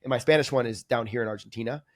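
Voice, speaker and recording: Energetic rambling man on a podcast. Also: mid-range voice, rapid-fire, no room sound, studio quality. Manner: energetic, rambling, full of "like" fillers. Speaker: podcast guest, coaching client. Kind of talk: candid conversational reflection. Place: lives in Argentina, remote podcast.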